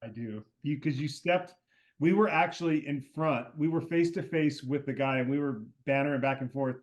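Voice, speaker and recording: A man's voice: mid-range voice, moderate pace. A man co-hosting a podcast, chatting casually in a loose, rambling way that keeps circling back on itself. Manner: rambling, self-correcting, says "dude". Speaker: podcast co-host. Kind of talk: casual chat.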